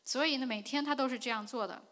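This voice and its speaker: Female interpreter with a bright, forceful voice, rendering the sermon at a fast clip. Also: high voice. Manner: quick, with fillers.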